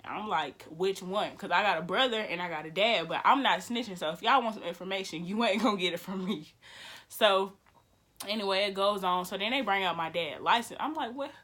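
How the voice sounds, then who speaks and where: A young woman, telling a painful family story to camera in a blunt, animated way and swearing freely. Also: mid-range voice, fairly quick. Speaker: vlogger. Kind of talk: emotional storytelling.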